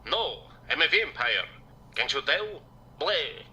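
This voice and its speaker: A man's voice: a little high, very animated, slow pace, pushed and bright, breathy edge, heavily acted, rough recording. A man voicing a preachy, smug male vampire in a video game who lectures in a theatrical way. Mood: lecturing.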